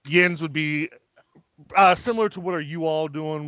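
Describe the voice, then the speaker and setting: A man hosting a casual podcast, excitable and quick to laugh. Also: fairly high pitch, no echo. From southwestern Pennsylvania, USA. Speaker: podcast host.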